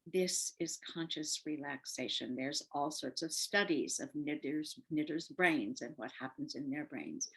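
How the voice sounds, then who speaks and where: An older woman speaks in a low, unhurried voice, offering gentle advice to parents and teachers. She leans on soft repetition to make her points land. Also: breathy edge, poor audio. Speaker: parenting educator.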